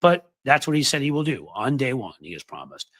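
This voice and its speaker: A man's voice: medium pitch, big pitch swings, brisk, a bit bright. A man hosting a livestream of political commentary, sarcastic and mocking.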